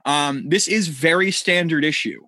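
A man's voice: on the high side, normal speed, bright, forceful tone, no echo. A man from Connecticut co-hosting a casual podcast, rambling and joking, with casual swearing. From Connecticut, USA. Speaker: podcast co-host. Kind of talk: casual chat.

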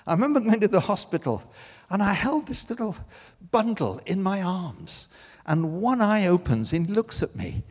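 An older man preaches in a slightly high voice that leaps around in pitch. He tells stories with emotion, shifting from loud bursts to near whispers. His voice rings through a large hall with a long echo. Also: very animated, normal speed. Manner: emotional storytelling with big swings from loud to hushed. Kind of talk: sermon.

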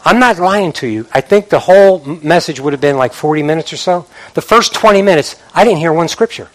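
A man preaching a sermon as pastor, animated, repeating words for emphasis and mimicking idle chatter. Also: a little high, brisk.

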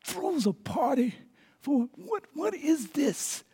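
A male pastor preaching a sermon with animated call-outs to the congregation. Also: extremely high pitch, slow pace.

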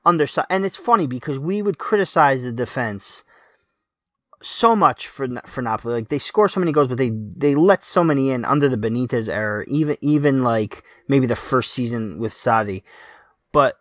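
A man chatting about football on a podcast, passionate and halting, with many restarts. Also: medium pitch, expressive, fairly bright tone, no echo, clean studio sound. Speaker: podcast co-host, Napoli fan. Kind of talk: casual football podcast chat.

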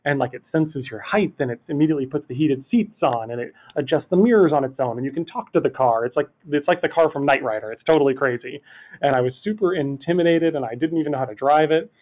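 Male podcast guest, quick, slightly high voice, rambling anecdote delivery, tinny phone-line sound. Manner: animated rambling storytelling, full of "like". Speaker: podcast guest, city project manager. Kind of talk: telling a funny anecdote in a podcast interview.

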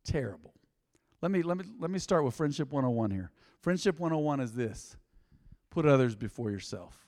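A man with a high, very animated voice preaches a conversational sermon from the pulpit. He swings from loud bursts down to near-whispers. The sound rings with the long reverb of a church hall. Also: a little fast. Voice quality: lively, conversational preaching with sudden loud bursts and quiet drops. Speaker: pastor.

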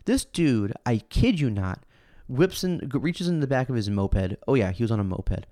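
A laid-back man talking casually as a podcast host, his voice sitting in a middle pitch. He rambles with lots of fillers and restarts and livens up when telling a story. The recording is dry and close, with no room sound. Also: very animated, normal speed, dark tone, no echo. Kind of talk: casual chat.

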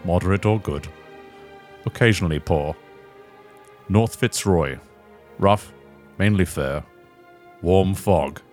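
Brief: a man playing a low, mock-solemn British forecaster, slow deadpan reading, faint music. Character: mock British shipping forecaster, droll and rambling.

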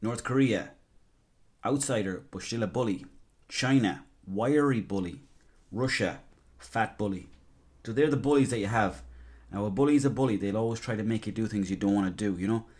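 A man's voice: fairly low pitch, moderate pace, darkish tone. An Irish man hosting a podcast, talking in a casual, rambling, sweary and jokey monologue. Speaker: podcast host.

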